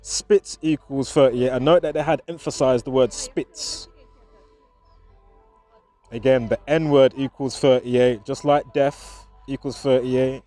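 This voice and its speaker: A man's voice: mid-range voice, steady tone, unhurried, warm tone, faint music behind. Chuckling man rambling outdoors. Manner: chuckling often, chatty with restarts. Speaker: vlogger. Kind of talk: casual commentary to camera. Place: outdoors in a park.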